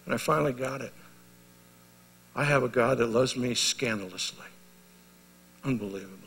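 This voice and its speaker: A middle-aged male pastor preaching a sermon, telling stories and moving from loud exhortation to hushed intensity. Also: mid-range voice, normal speed, slightly rough. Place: large hall at a men's retreat. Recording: live sermon in a reverberant hall.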